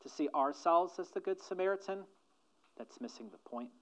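A man preaching a sermon as pastor, swinging from loud emphatic lines to hushed near-whispers and slowing down to stress key phrases. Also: high voice, lively intonation. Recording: dull, muffled sermon recording.

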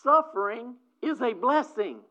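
A preacher delivering a sermon, swinging between loud exclamations and quiet asides. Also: mid-range voice, animated, measured pace. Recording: dull lo-fi recording.

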